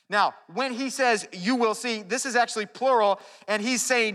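A man preaching a sermon, earnest and animated, often restarting his phrases. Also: extremely high pitch, normal speed, few pauses. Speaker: pastor. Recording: long hall reverb.

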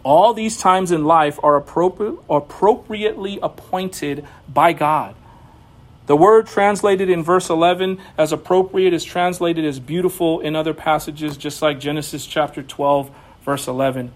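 A young man delivers a sermon in a very high voice. His preaching is animated and swings between quiet passages and sudden raised bursts. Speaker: pastor.

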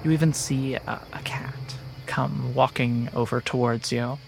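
A man's voice: mid-range voice, steady tone, unhurried, gravelly, slight background noise. A man acting as game master, describing the scene in an easygoing way. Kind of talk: narrating a tabletop game.

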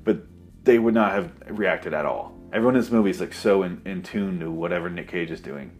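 A man's voice: low voice, brisk, faint music behind. A man giving a sarcastic, profane, rambling comedic recap of a movie plot.

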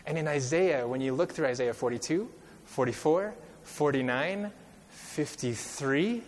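A male preacher giving a sermon, reading scripture slowly and with emphasis and quizzing his listeners as he goes. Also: fairly high pitch. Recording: long reverb of a large hall.

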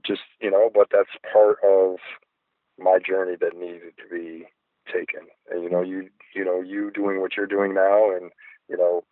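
Low voiced guy on the phone, middle aged, rambles and muses with lots of um's, dry sound. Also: dry recording, narrow, tinny audio. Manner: reflective, rambling with many fillers. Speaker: guest artist. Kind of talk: casual interview chat.

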